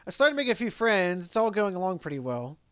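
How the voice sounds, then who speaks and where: A man's voice: sits high, very animated, fast talker, a bit bright, clear, resonant tone. A man voicing an earnest young male doctor in his first job, read aloud plainly. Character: young male doctor, nervous new resident.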